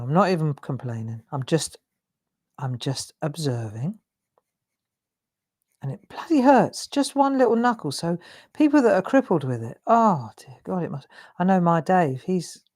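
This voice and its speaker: A woman with a fairly low voice leads a relaxed drawing tutorial. She talks chattily as she works, with a self-deprecating humour. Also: a little slow. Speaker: craft demonstrator hosting a live stream.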